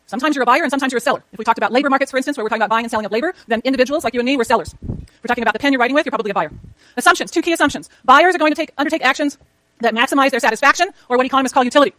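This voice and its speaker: A middle-aged woman gives a university economics lecture at a very quick clip, her voice sitting high. She talks to the class in a chatty way and keeps putting questions to the students. The sound is dry and close. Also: fairly bright tone, no room sound.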